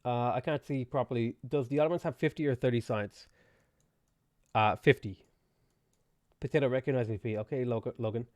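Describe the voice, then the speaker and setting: A man's voice: medium pitch, fairly even intonation, normal speed, pauses often, a little mellow, no echo, studio quality. A man live-streaming a strategy game, chatting playfully and answering viewers' questions as he plays.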